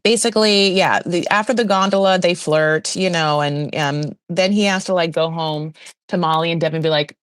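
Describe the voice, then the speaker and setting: A woman hosting a podcast, recapping a reality show in a chatty, gossipy way with animated asides. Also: fairly low pitch, moderate pace, clear, resonant tone, dry recording. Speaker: podcast host. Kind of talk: casual pop-culture recap.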